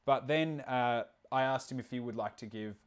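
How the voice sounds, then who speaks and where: A man's voice: mid-range voice, normal speed, clear, resonant tone. A man hosting a casual livestream, laid-back and profane, rambling with plenty of fillers. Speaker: stream host.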